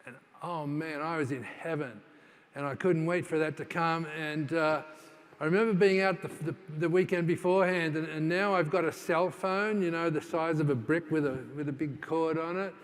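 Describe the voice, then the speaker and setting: A man's voice: a little high, steady tone, moderate pace. A man giving a conference keynote, telling stories in a conversational way with many fillers and restarts, now and then acting out what people said. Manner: acts out quoted dialogue in his stories. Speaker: keynote speaker. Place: large conference hall. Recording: long hall reverb.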